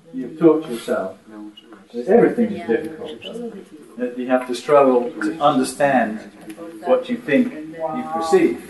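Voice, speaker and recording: A man preaching to a gathered audience, throwing rhetorical questions and laughing lightly as he talks. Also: medium pitch. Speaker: spiritual teacher. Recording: echoey room from a distance, audience.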